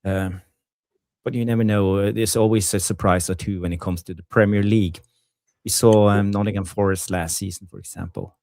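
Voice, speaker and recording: Hesitant low-voiced man, dry sound. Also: steady tone, fairly quick, gravelly, dark tone, dry recording. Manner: hesitant, many fillers and repeated words. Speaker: fan channel co-host. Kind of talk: casual football fan chat.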